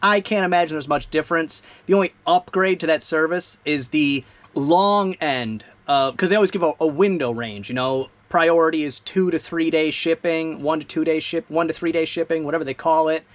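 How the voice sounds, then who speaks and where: A man's voice: fairly high pitch, moderate pace, no room sound. A man who resells online, chatting casually in a rambling, self-amused way while he packs orders for shipping. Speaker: eBay reseller. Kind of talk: casual vlog narration while packing orders.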